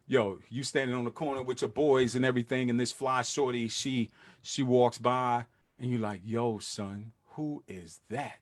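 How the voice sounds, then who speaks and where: A man's voice: mid-range voice, normal speed, no echo. A man hosting a podcast, talking casually to his listeners in street slang and acting out little scenes as he goes. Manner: street slang, animated asides and acted-out quotes. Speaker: podcast host. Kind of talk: casual solo talk to listeners.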